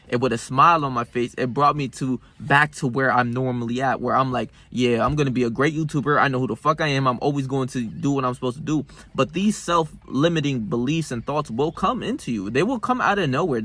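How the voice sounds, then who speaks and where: A young man telling a gym story as a motivational vlog. He talks in loose slang, swears often and keeps dropping in fillers. His voice sits at an ordinary male pitch. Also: a bit bright. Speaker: self-improvement vlogger. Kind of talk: casual motivational monologue.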